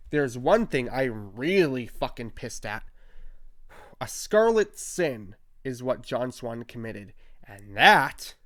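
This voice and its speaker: A man's voice: medium pitch, no room sound, clean studio sound. A young man in an angry, profane commentary rant, mocking and heated as he reads out posts and answers them. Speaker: commentary YouTuber.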